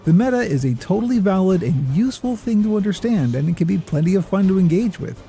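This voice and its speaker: A man hosting a gaming video, giving measured, somewhat pretentious scripted narration. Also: sits high, animated, gravelly, warm tone. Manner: measured, lofty, a little pretentious.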